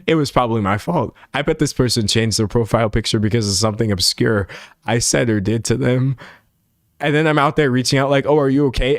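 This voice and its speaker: A man's voice: medium pitch, creaky, dry recording, studio quality. A young man live streaming, chatting casually as he reacts to viewer comments, rambling and self-mocking, with frequent laughter.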